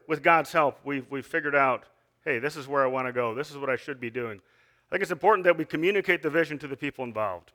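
A man's voice: medium pitch, pushed and bright. A man giving an earnest sermon, reading scripture and asking the listeners questions, with frequent restarts. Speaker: lay preacher.

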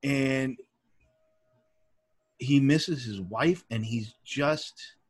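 A man co-hosting a podcast, talking earnestly and haltingly in casual chat. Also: mid-range voice, slightly rough, no room sound. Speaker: podcast co-host.

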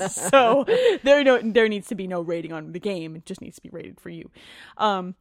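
A woman co-hosting a podcast, trading jokes and sarcastic asides as she runs through gaming news. She swears casually and laughs often, at a middle pitch, recorded dry and close with no room sound. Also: a little slow, dry recording. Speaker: podcast co-host.

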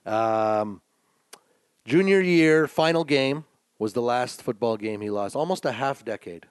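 A man co-hosting a casual sports betting podcast, swearing and emphatic, swinging between low mutters and excited outbursts. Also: a little slow, smooth, no echo, clean studio sound. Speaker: podcast co-host.

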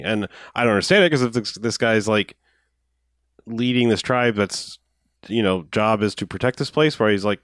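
Low-voiced man, loose profane chat. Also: normal speed, fairly bright tone, no echo, clean studio sound. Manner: loose and profane, acts out quoted lines. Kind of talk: casual movie recap chat.

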